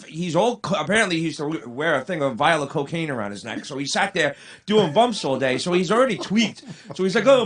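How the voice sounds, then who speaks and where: High-voiced animated male storyteller. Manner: animated storyteller who acts out quotes. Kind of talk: casual storytelling chat.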